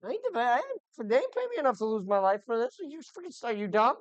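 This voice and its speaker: A woman voicing a frantic male merchant who was hired as a carriage guard and shouts his excuses. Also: on the high side, big pitch swings, fast talker, dry recording, highs cut off, pitched above the performer's own voice. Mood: panicked.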